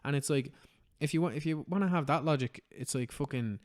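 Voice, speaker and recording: A man's voice: a little high, brisk, a little mellow. An Irish man hosting a podcast, chatting casually with lots of swearing and "do you know what I mean". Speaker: podcast host.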